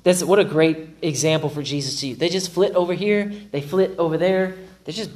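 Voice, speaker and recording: Male pastor, preaching a sermon, lively and self-mocking, slightly high voice. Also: brisk. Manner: animated, acts out his own inner dialogue with self-mocking humor.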